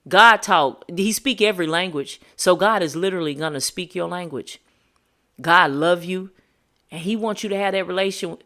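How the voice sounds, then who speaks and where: A woman's voice: on the low side, fairly bright tone. A woman hosting a podcast, giving a motivational monologue in a preachy, emphatic, slangy way. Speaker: podcast host.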